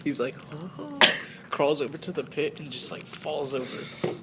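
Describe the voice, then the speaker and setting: A man's voice: a little high, normal speed. A man narrating his character's actions in a tabletop role-play, loose and laughing. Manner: lively, laughing, frequent fillers. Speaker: tabletop game player. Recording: noisy home recording.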